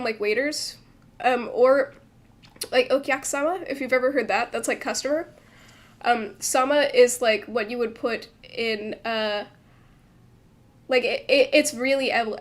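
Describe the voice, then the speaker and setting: A woman streaming as she translates a manga, chatting casually and thinking aloud with many fillers and restarts, from a desk microphone at home. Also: high voice. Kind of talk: casual livestream commentary.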